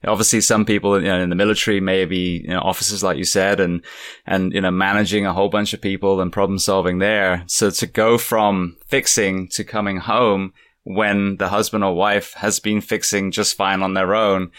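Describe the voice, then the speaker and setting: A man's voice: low-pitched, level tone, normal speed, a bit bright, no echo, studio quality. A man hosting a podcast, chatting casually with a guest and often restarting and repeating words. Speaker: podcast host. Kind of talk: casual interview chat.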